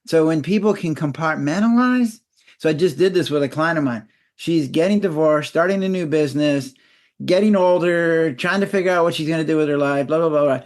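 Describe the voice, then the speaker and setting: A man in his sixties, a physician guest in an interview, explaining in a lively way and acting out little scenes in a raised voice. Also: fairly high pitch, fairly quick. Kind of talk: conversational interview.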